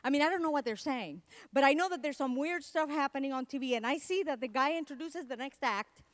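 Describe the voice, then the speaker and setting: A middle-aged woman with a Puerto Rican accent tells stories in a comedic motivational keynote, teasing herself and tossing asides to the crowd. Her voice sits a little high for a woman, and the sound is close and dry with hardly any room around it. Spanish is her first language. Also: quick pace, no room sound. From Puerto Rico. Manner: playful, self-mocking storytelling with asides to the audience. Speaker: keynote speaker. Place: event hall.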